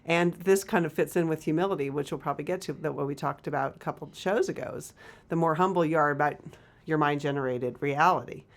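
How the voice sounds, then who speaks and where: A woman co-hosting a TV talk show, explaining ideas thoughtfully with frequent pauses and restarts. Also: sits low. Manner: thoughtful, hesitant, many fillers and restarts. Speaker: co-host and author. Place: local TV studio.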